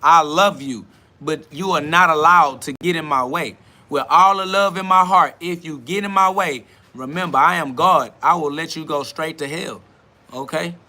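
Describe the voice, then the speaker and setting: Standing outdoors beside a road with cars passing, a self-styled spiritual podcast host delivers an improvised sermon in street slang. His voice is high and bright, his pace moderate, and his preaching cadence emphatic, profane and repetitive.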